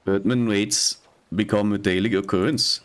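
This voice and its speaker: A cheerful traveling merchant in a game, talking in a thick Scottish lilt, voiced by a man reading along. He sounds lowish and friendly, and he stumbles now and then over the longer words. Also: fairly even intonation, moderate pace, close to an everyday voice. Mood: chatty. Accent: put-on Scottish. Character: chatty male merchant guide, cheerful and folksy.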